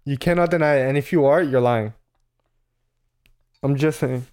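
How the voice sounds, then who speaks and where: A man's voice: medium pitch, normal speed, darkish tone, smooth. A young man co-hosting a podcast in casual chat, slangy, with a Canadian accent. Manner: slangy, says bro a lot. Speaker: podcast co-host.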